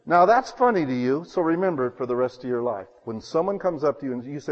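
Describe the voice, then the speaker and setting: A man preaching a sermon, telling homey stories and swinging between loud bursts and hushed asides. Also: fairly high pitch, expressive, fast talker, hardly any pauses, in a large hall, lo-fi sound.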